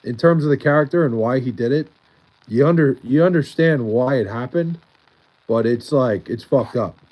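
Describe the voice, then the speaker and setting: A man's voice: medium pitch, normal speed, a little mellow, low-quality recording. Brief: male streamer, Long Island accent, loose rambling chat with lots of filler and restarts. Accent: Long Island New York. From Long Island, New York. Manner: rambling, heavy use of "like" and restarts. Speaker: livestreamer. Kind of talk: casual livestream chat, reading chat aloud.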